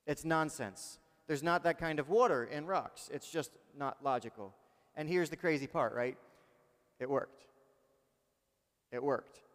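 A male pastor preaching a sermon in a lively, conversational way, asking the congregation questions. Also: fairly high pitch, measured pace, long pauses, long reverb tail.

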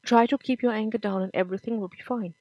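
A woman reading the lines of a firm, caring mother who speaks calmly and reassuringly, in a dry close recording. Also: a little high, fast, no room sound, muffled recording.

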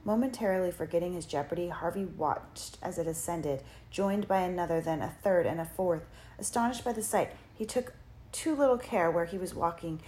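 A woman narrating a dark fantasy audiobook in a measured, dramatic storytelling manner. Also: lowish voice, slight background noise. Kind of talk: scripted narration.

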